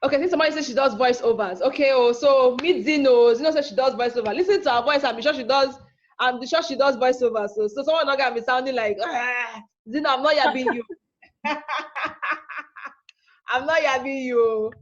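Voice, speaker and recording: A woman's voice: high voice, fast talker. A woman teaching a live online class, chatty and teasing, checking in often with "okay?". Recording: dull lo-fi.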